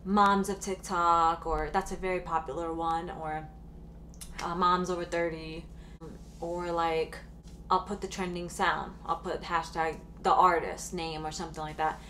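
A woman in her thirties telling a story in a casual home vlog, chatty and full of fillers, with sudden bursts of excitement. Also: fairly low pitch, unhurried, a little hiss or hum. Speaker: vlogger.

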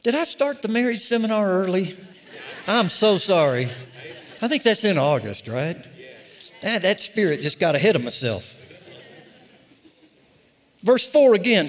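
A man's voice: sits high, sing-song, unhurried, pauses often. An older male pastor preaching a sermon with impassioned, emphatic delivery and humorous asides. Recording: long reverb of a large hall.

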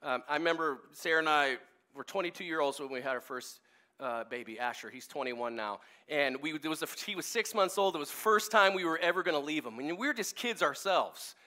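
Male pastor, 40s, high-pitched, casual storytelling sermon. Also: a little fast. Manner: casual, animated, many fillers and restarts. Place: church service.

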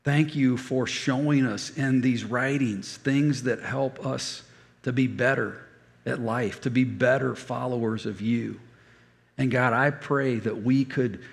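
Older guy pastor giving a sermon, gravelly voice, big echoey church hall. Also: medium pitch. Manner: storytelling with repeated phrases.

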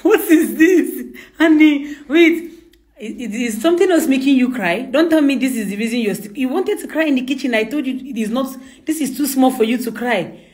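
A woman's voice: high-pitched, fairly quick, a little mellow. A woman at home, coaxing and insistent, often laughing as she talks. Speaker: employer. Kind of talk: casual conversation. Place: home indoors.

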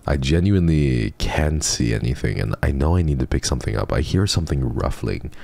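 A man's voice: rumbling low, expressive, brisk, creaky, warm tone, no echo. A man streaming a horror game, chatting jokily with his viewers and reading the game's text aloud. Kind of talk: casual let's-play chat.

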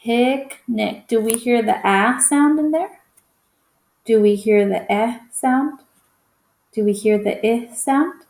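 A woman's voice: on the high side, takes it slowly, gravelly, a little mellow, reverberant. A woman teaching a phonics lesson to young children, patient and encouraging, stretching out each vowel sound.

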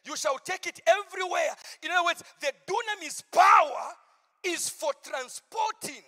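A pastor preaching a campmeeting sermon, moving from hushed asides to shouted, drawn-out proclamations. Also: male voice, extremely high pitch, animated, big-room sound.

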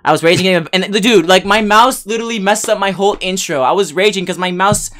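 A man hosting a casual gaming livestream on a headset mic, excitable and swearing, flipping between mock rage and cheerful chat. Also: high-pitched, fast, soft background music. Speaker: streamer host.

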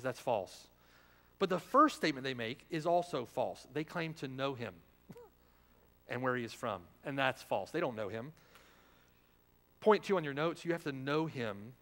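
A male pastor with a medium-pitched voice preaches a sermon in a church sanctuary. He is emphatic, poses rhetorical questions, and swings from loud to hushed. The church hall gives the recording a long reverb.

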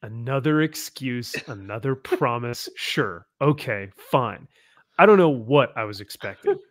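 A man's voice: medium pitch, animated, measured pace. A man hosting a live comics chat show, reading scenes aloud in mocking voices and laughing with his co-hosts. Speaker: comic book show host. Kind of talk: casual live-stream chat.

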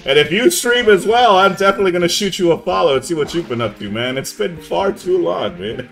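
A young man with a high, gravelly voice chats casually on a live gaming stream, animated and a little fast. He's laid-back, says "man" a lot, and yells at the game now and then.

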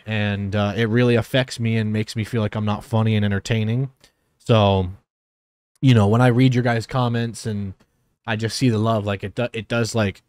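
A man with a fairly low voice, recorded dry, talks heartfelt and casual to his viewers. He's a streamer and reaction host from Philadelphia and New Jersey in the USA, rambling sincerely with lots of fillers and restarts.

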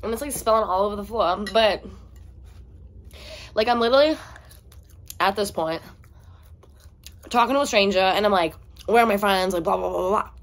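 A young woman vlogger chatting casually while eating, with lots of "like", and acting out her own and others' lines in a higher voice. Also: normal speed, long pauses. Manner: chatty, heavy use of "like", acts out dialogue with a raised pitch. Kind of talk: casual storytime chat. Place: indoors at home, eating on camera.

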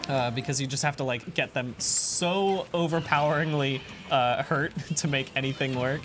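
A man's voice: mid-range voice, moderate pace, over music. Chatty man narrating his game. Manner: relaxed, hesitant, many fillers and restarts. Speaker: co-host playing a video game. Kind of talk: casual gaming chat.

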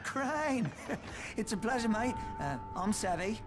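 Upbeat British tech guy in a game, slightly high voice, faint noise behind. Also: very animated, measured pace. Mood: cheery. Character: cheerful male British tech-savvy survivor.

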